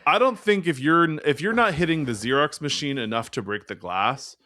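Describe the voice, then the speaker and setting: A man's voice: on the high side, expressive, normal speed, sharp tone, dry recording. A man co-hosting a podcast, recapping a film in casual, jokey chat full of fillers. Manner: rambling, jokey, many fillers. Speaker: podcast co-host.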